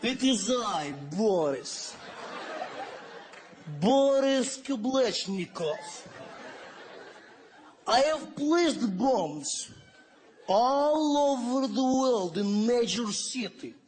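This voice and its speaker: A man doing a slow, grandiose Russian-accented villain. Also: very high voice, animated, a little mellow, a faint crowd, slight background noise, full character voice. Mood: gloating. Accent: Russian (put on). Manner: slow, theatrical announcement. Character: grandiose male Russian villain making demands.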